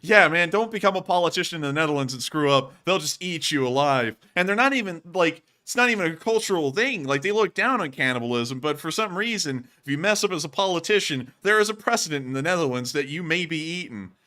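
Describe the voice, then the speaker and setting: A man's voice: fairly high pitch, lively intonation, fast, few pauses, sharp tone. A man hosting a livestream, talking in a chatty, rambling way with joking asides. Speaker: livestream host. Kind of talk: casual live commentary.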